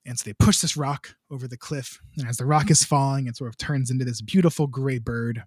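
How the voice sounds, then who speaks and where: A young man in a podcast interview tells a long story at a relaxed pace. His voice sits at a middle pitch. The sound is close and dry, with no room echo. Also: brisk, husky. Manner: chatty, rambling, many filler words. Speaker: composer, podcast guest. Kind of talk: casual storytelling.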